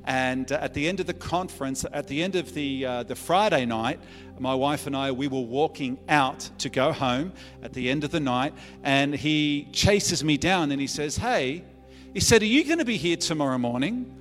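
An Australian man preaching a sermon, telling his story in an earnest, conversational way and often restarting mid-phrase. His mid-pitched voice rings through a reverberant church hall. Soft music plays faintly underneath. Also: moderate pace. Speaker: pastor. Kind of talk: sermon testimony.

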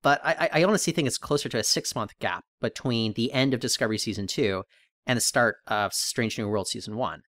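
A man co-hosting a podcast in casual chat, thinking aloud and rambling with restarts and animated questions. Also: medium pitch, fairly quick, no room sound, clean studio sound. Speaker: podcast co-host.

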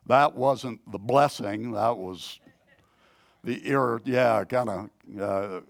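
A man preaching a sermon in a slow, halting, conversational way, clearing his throat often and telling a self-deprecating story. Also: mid-range voice, no room sound. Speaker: pastor.

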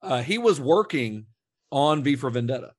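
A man's voice: mid-range voice, moderate pace, no room sound. A man co-hosting a podcast, chatting casually about film trivia with plenty of fillers and restarts. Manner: relaxed, rambling with frequent fillers and restarts. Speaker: podcast co-host.

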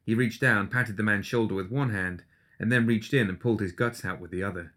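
A man giving steady, scripted narration of a dark fantasy audiobook. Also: lowish voice, fairly quick.

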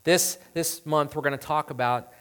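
A man's voice: on the high side, steady tone, moderate pace, a bit bright, clear, resonant tone. A man preaching a sermon in an earnest, conversational way, with asides to the audience. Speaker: pastor.

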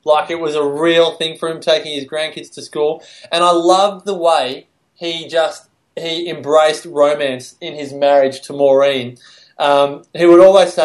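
A man's voice: a little high, fairly even intonation, measured pace. A man, telling stories and laughing through them in casual podcast chat. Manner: warm storytelling, laughs while speaking. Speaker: podcast co-host.

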